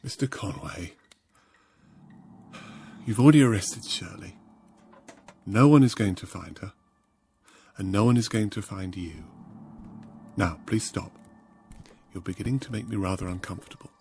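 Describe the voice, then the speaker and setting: A man voicing a calm, sinister middle-aged male kidnapper in a video game, polite, cold and measured. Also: lowish voice, a little hiss or hum, natural voice. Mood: menacing.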